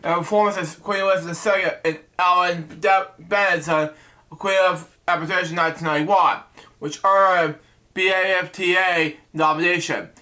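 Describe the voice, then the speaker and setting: A man hosting a web show, reading out topics haltingly with many restarts and fillers, stumbling over names. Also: sits high, bright, forceful tone.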